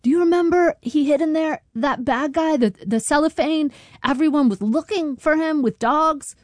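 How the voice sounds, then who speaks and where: A woman voicing a confused older father with dementia, halting and searching for words. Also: high-pitched, no room sound, pitched above the performer's own voice, natural voice. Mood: puzzled.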